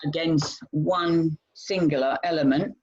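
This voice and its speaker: A British man co-hosting a casual chat show, hesitant, with many pauses and repeated words. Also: on the high side, steady tone, a little mellow. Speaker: co-host. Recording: dull lo-fi sound.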